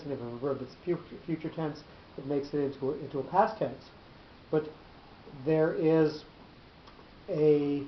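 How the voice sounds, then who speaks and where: A man teaching a Torah class, explaining patiently with many pauses, fillers and restarted phrases. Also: fairly high pitch. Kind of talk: lecture with frequent pauses and fillers. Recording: roomy, dull lo-fi with faint hiss.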